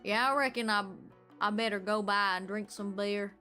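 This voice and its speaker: A woman voicing her rambling rural father with a slow Southern drawl. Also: medium pitch, fairly even intonation, sharp tone, faint music behind, voice pushed down, close to an everyday voice. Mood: easygoing.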